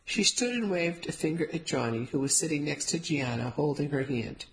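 A woman's voice: low voice, moderate pace, few pauses, rough recording. A woman narrating a first-person novel, telling the story steadily with light character voices. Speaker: audiobook narrator.

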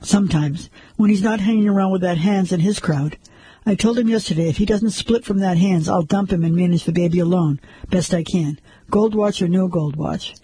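Young barmaid, defiant and upset, voiced by a male narrator, husky tone. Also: high voice, moderate pace, warm tone, no echo, low-quality recording.

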